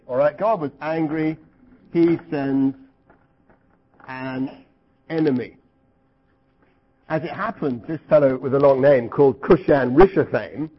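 A middle-aged man leads a lively Bible lesson, throwing questions out to his listeners and acting out cries. His voice is slightly high and husky. The recording sounds dull and lo-fi. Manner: asks the audience questions, lively, acts out cries. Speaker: Bible teacher. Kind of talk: interactive Bible teaching.

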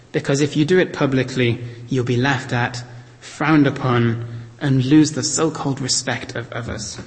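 A man preaching an earnest, reflective sermon, reading scripture aloud and slowing down to stress key points. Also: mid-range voice, long reverb tail.

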